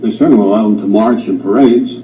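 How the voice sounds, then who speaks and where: A man's voice: fairly low pitch, fast talker. A man hosting a studio discussion, asking pointed questions in an emphatic way. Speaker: host. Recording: roomy, distant, dull old studio tape with faint hiss.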